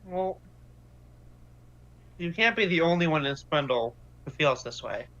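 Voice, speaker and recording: Guy doing a teen girl, kinda high and slow, poking at an agent, muffled call audio. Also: animated, a bit bright. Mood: earnest, probing. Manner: slow, earnest, probing questions. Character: wary teenage girl pressing a secret agent.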